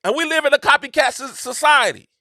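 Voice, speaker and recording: A man's voice: very high-pitched, quick pace, bright, forceful tone, dry recording, studio quality. A man hosting his own show, talking in a casual, emphatic monologue with slangy, repetitive phrasing. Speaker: show host.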